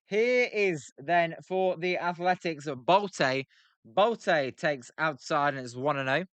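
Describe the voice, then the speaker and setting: A young British man speaks slowly and expressively in a fairly high, somewhat bright, clean voice with no room sound. He hosts a live stream with casual baseball commentary, chatting with viewers and poking fun at pronunciations.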